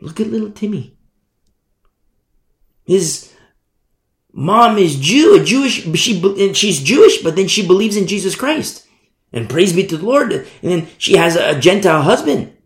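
A preacher delivering an animated Bible-study sermon, often breaking off to ask the listeners "You see?". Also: medium pitch, normal speed, long pauses. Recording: echoey room.

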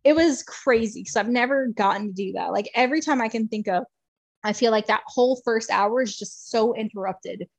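Woman, podcast guest, casual storyteller, slightly high voice, dry close sound, emotional and laugh-prone. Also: a little fast, no room sound. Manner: chatty, many "like" fillers, laughs often; emotional, swings between excited and hushed.

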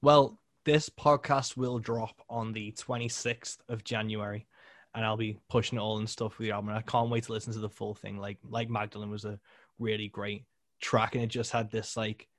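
A man's voice: on the low side, moderate pace, no room sound. Man hosting a podcast, dry sound. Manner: relaxed, lots of "like" and short agreements. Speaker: podcast host, musician. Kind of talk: casual interview chat.

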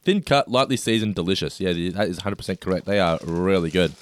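A man's voice: sits low, expressive, fast talker. A man, co-hosting a casual snack taste test and describing each food with enthusiasm. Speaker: co-host.

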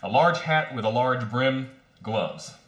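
A man's voice: mid-range voice, slow pace, a bit bright. A man hosting a podcast play reading, hesitant with fillers, reading stage directions. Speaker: podcast host. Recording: echoey room.

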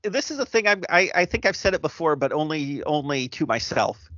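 A middle-aged man chatting casually, reflective and halting with many restarts. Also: a little high, sing-song, pushed and bright, no room sound. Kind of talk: casual chat. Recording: dry dull lo-fi sound.

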